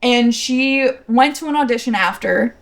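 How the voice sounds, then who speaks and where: A woman's voice: on the high side, unhurried, gravelly. A young woman co-hosting a casual podcast, chatting enthusiastically about a TV episode and sharing fun facts with a laugh. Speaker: podcast co-host. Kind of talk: casual chat reviewing a TV episode.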